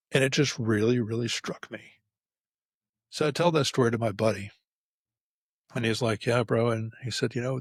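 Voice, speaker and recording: A middle-aged man talks straight to the camera in an unscripted solo podcast, with a husky, slightly breathy voice. He rambles candidly through stories, often restarting his sentences. The sound is close and dry, with no room around it. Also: fairly low pitch, no room sound. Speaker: podcast host. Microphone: facing camera, close mic.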